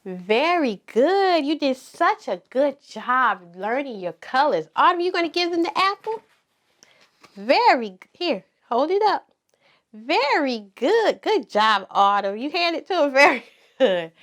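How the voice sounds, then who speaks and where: A woman teaching toddlers at circle time, speaking in a slow, sing-song, encouraging way and repeating words for the children to echo. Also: high-pitched, sing-song. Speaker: preschool teacher.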